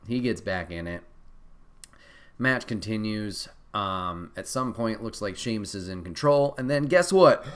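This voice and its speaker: A man hosting a podcast, recapping a live wrestling show in a casual, animated way, acting out quotes with frequent laughs and swearing. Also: lowish voice. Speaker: podcast host.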